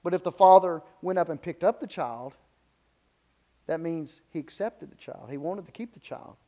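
A man's voice: on the high side, moderate pace, mellow. A man preaching a sermon in an unscripted way, stumbling and repeating words, then building to emphatic peaks.

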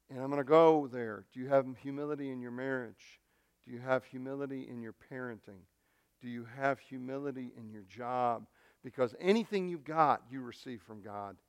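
A man's voice: medium pitch, clear, resonant tone, no room sound, studio quality. A middle-aged male pastor preaching a sermon, telling a family story in an earnest, storytelling way with frequent restarts.

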